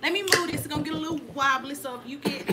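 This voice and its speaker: A woman's voice: high-pitched, rapid-fire. A woman hosting a cooking vlog, chatting playfully and speaking straight to her viewers as she cooks in a home kitchen. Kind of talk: casual chat while cooking. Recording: noisy home recording.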